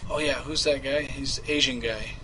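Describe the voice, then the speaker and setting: A man's voice: mid-range voice, fairly even intonation, normal speed, slight background noise, poor audio. A man hosting a casual live prank call show, loose and laughing, swearing freely. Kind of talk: casual live-stream chat.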